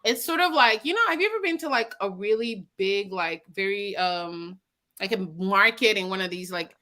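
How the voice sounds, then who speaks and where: A woman co-hosting a casual podcast chat, telling stories with lots of laughter and quick impressions of other people. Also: mid-range voice. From Nigeria. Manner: animated storytelling, mimics other voices, laughs often. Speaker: podcast co-host.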